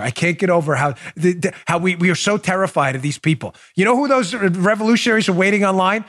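A man's voice: high voice, quick pace, hardly any pauses, a bit bright. A man hosting a political talk show, mocking and theatrical, often breaking into laughter as he jokes with his producer. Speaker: show host.

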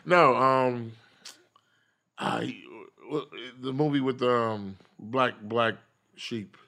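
A man, a comedian, telling stories in casual chat, laughing often and acting out his own quotes loudly. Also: medium pitch, very slow, creaky. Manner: animated, laughing, profane, acts out quotes loudly.

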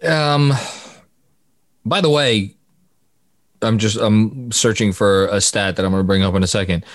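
A man's voice: on the low side, measured pace, dry recording, studio quality. A man co-hosting a casual sports podcast, reeling off statistics and laughing at his own numbers. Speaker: podcast co-host.

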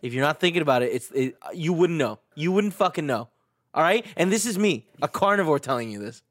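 A man's voice: a little high, animated, a little fast, dry recording, clean studio sound. A man in a casual podcast chat, arguing his point in a defensive, insistent way. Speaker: podcast producer.

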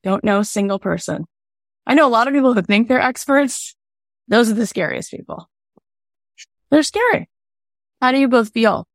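Emphatic, animated woman coaching. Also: fairly high pitch, brisk, no room sound. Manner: emphatic and animated, with a lot of "like" and "right?". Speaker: podcast host and coach. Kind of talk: coaching call, motivational talk.

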